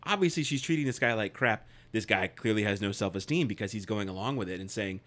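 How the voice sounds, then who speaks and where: A man's voice: on the low side, lively intonation, fast talker, few pauses, fairly bright tone. A man co-hosting a podcast, recapping a movie in casual chat with a wry, sarcastic manner. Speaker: podcast co-host.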